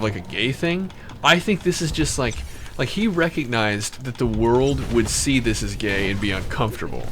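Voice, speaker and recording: A man's voice: medium pitch, noisy background. A male streamer telling a long, rambling, profane story and breaking off to talk to his chat. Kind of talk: casual storytelling on a live stream. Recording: clear music in the background.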